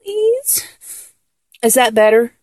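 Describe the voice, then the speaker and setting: A woman's voice: fairly high pitch, very animated, takes it slowly, a little mellow, no room sound. A woman performing a one-sided audio role-play, moving from teasing to tearful, breathless pleading.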